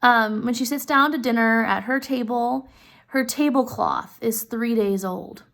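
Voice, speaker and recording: Chatty woman with a gravelly voice. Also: a little high, measured pace, a bit bright. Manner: chatty, addresses listeners directly, many fillers. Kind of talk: casual retelling of a story.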